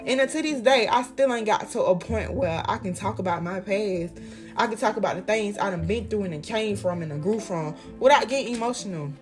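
A woman's voice: mid-range voice, a little fast, music in the background. A young woman giving life advice in a casual motivational monologue, heartfelt and emphatic, repeating lines for effect, with slangy, profane talk.

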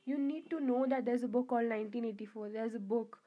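A woman's voice: fairly high pitch, fast talker. Rambling young woman, lo-fi sound. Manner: rambling, many fillers and restarts. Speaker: vlogger. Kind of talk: casual storytelling monologue.

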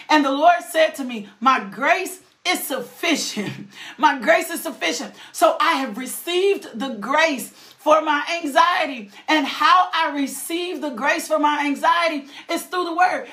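A woman preaching a sermon, impassioned and shouting, with sudden high exclamations.

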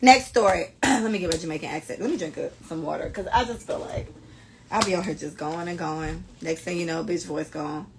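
A young woman hosting a podcast, chatting casually and reading listener stories in a brash, animated way. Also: fairly low pitch, fairly quick, background noise. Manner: animated, brash storytelling with frequent cursing. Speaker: podcast host.

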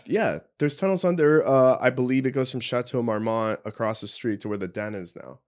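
A man's voice: mid-range voice, fairly quick. A man chatting as a podcast guest in a laid-back, joking way, swearing casually. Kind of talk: casual chat.

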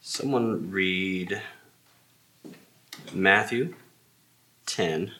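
A man's voice: deep voice, drawn-out words, sharp tone, a little hiss or hum. A man teaching an evening Bible class, explaining earnestly and emphatically with rhetorical questions.

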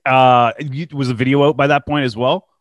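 A man's voice: medium pitch, fairly even intonation, moderate pace, no room sound, lo-fi sound. A man from Canada hosting an interview, asking questions and giving short encouraging responses.

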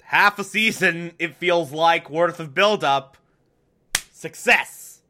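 A man's voice: a little high, takes it slowly, sharp tone. A young man casually recapping a TV episode, chatty and wry, with lots of fillers. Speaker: TV show recap host.

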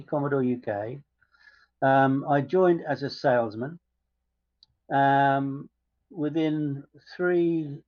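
A man being interviewed on a podcast, his middle-pitched voice measured and unhurried with frequent pauses. The audio is a little dull and lo-fi, like a remote call. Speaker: guest.

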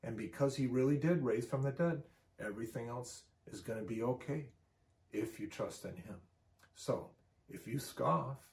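A man's voice: mid-range voice, darkish tone, echoey room. A man preaching a sermon and closing in prayer, earnest, repeating phrases for emphasis. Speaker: pastor.

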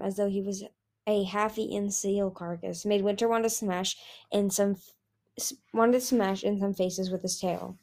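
A woman's voice: mid-range voice, darkish tone. A woman reading a fantasy novel aloud, hesitant, with frequent restarts. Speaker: audiobook reader.

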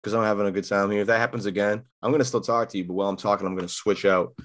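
A man's voice: on the low side, steady tone, very fast. A man hosting a casual podcast, easygoing and joking, with plenty of slang. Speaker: podcast host. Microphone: camera mic.

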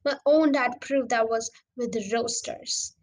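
A woman voicing a calm, wry grown father in a dry, understated storybook delivery. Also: fairly high pitch, a little slow.

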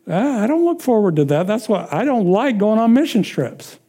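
A man with a high, very animated, mellow, slightly rough voice preaches slowly and drawn-out, asking the congregation questions and answering them himself. He then chuckles his way through casual personal stories.

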